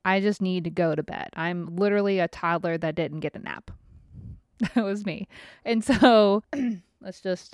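A woman's voice: mid-range voice, smooth, no echo, studio quality. A middle-aged woman hosting a podcast, telling a rambling, frank story with plenty of swearing, restarts and asides. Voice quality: frank, swears freely, laughs between stories. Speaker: podcast host. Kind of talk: casual podcast monologue.

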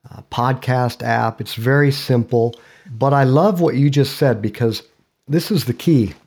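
A man telling stories in a relaxed interview, animatedly voicing the people he quotes. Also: medium pitch. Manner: lively storyteller, voices others' quotes. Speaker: podcast creator and guest. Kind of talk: casual interview talk, storytelling.

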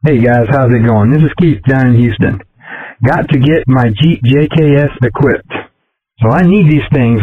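A man leaving a relaxed, easygoing voicemail for a podcast as a caller. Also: medium pitch. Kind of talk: recorded listener voicemail. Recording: tinny phone line.

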